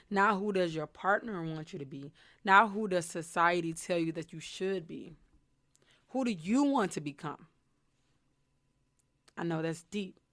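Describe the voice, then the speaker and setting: A woman's voice: fairly low pitch, a bit bright, no room sound, clean studio sound. A young adult woman hosting a podcast, speaking in an earnest, reflective motivational monologue. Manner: reflective, earnest, slow deliberate delivery. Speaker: podcast host.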